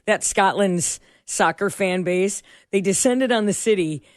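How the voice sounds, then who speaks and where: A woman's voice: mid-range voice, a little slow, no echo, clean studio sound. A woman co-hosting a radio show in casual chat, rambling and searching for words as she goes. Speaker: radio co-host. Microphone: studio microphone.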